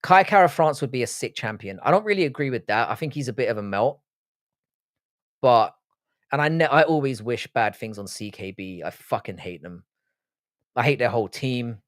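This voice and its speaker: A man's voice: mid-range voice, expressive, normal speed, dry recording, studio quality. A man with an English accent, raised in Britain with Irish roots, hosting a casual livestream, blunt and sweary as he reads out and answers comments. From Ireland, raised in Britain. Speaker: livestream host.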